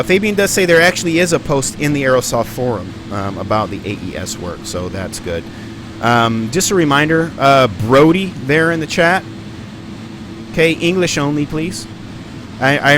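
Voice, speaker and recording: A man streaming live, narrating what he is doing on screen in a loose, rambling way. His voice sits at an ordinary middle pitch, and his talk is full of ums and uhs as he thinks aloud. A faint hum of noise runs underneath. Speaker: flight sim streamer.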